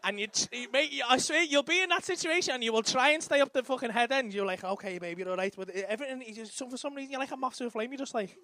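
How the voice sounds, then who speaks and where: A man doing a stand-up comedy set on a club stage, telling a profane, animated story into a handheld mic with audience laughter behind. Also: very high-pitched, very fast, hardly any pauses.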